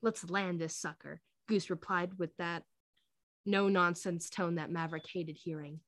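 A woman's voice: fairly low pitch, steady tone, measured pace, fairly bright tone, no echo. A woman co-hosting a podcast, reading fanfiction aloud in a casual way with laughing asides.

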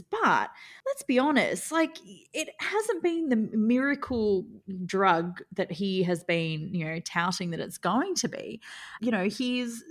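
A woman co-hosting a podcast, talking frankly with lots of fillers and laughing often. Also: mid-range voice. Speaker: podcast co-host. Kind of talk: casual review chat.

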